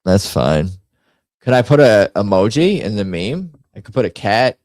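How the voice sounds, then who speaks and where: A man's voice: on the low side, big pitch swings, moderate pace, darkish tone, no echo. A man hosting a casual livestream, rambling and muttering to himself as he types up a poll. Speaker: host.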